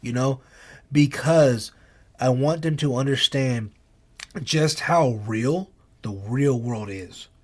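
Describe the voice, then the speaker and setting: A man's voice: mid-range voice, slow pace, darkish tone. A man co-hosting a casual podcast conversation, an earnest, emphatic storyteller who repeats his key phrases. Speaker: podcast co-host and father.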